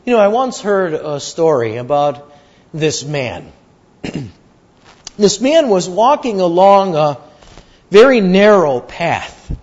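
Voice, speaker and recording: Guy preaching a sermon, high voice, slow and earnest, repeats himself, muffled lo-fi sound. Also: darkish tone. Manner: measured, repetitive, earnest. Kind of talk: sermon with storytelling. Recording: dull lo-fi recording.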